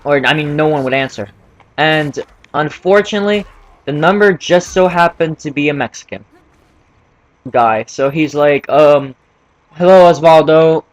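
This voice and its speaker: A man's voice: on the high side, normal speed, no echo. A teenage boy casually telling a story from school, rambling with many fillers and restarts. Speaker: vlogger.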